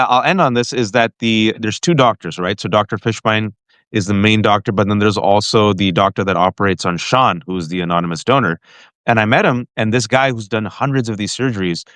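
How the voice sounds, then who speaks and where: A man hosting a show and telling an emotional family story to his guest with animated energy, often restarting his sentences. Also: on the low side, normal speed, clear, resonant tone, no echo. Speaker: podcast host. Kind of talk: heartfelt personal storytelling to a guest.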